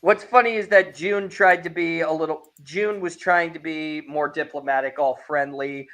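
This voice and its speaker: A man's voice: a little high, fairly even intonation, normal speed, fairly bright tone. A man hosting a casual anime review chat, retelling scenes with energy and acting out the characters' lines. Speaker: podcast host.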